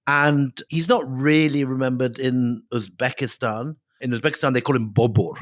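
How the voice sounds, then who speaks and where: A man's voice: medium pitch, steady tone, normal speed, a bit bright, no room sound, clean studio sound. A middle-aged man co-hosting a history podcast, telling the story with dramatic flair and reading quotes aloud.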